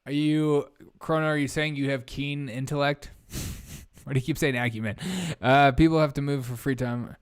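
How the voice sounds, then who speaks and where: Rambling young man, smooth clear voice. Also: medium pitch, fairly even intonation, moderate pace. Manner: blunt, rambling, reads chat aloud. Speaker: live-stream host. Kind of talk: casual live-stream chat.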